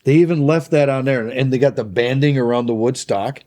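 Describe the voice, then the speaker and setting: A man's voice: medium pitch, fairly quick, dark tone. A man co-hosting a casual podcast chat, talking loosely with lots of fillers and laughs. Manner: chatty, laughs often, filler-heavy. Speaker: podcast co-host.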